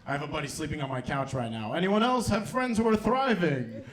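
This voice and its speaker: Young guy doing stand-up, kinda high voice, swears a lot, cracks himself up, club mic. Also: lively intonation, brisk. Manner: loose, profane, laughs at his own lines. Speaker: stand-up comedian and host. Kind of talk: stand-up comedy set. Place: comedy club stage.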